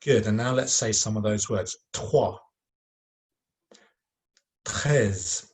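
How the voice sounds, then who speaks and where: A man's voice: lowish voice, fairly even intonation, darkish tone. Patient man teaching French to children. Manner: patient, encouraging, models sounds slowly with many fillers. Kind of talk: recorded lesson for children.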